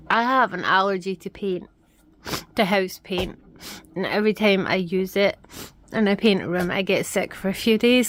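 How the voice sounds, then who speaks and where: A Scottish woman chatting casually and frankly as she redecorates her small home for a vlog. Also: mid-range voice. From Scotland. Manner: chatty, frank, self-deprecating. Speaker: vlogger. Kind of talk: casual vlog chat while working. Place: small house, indoors, redecorating.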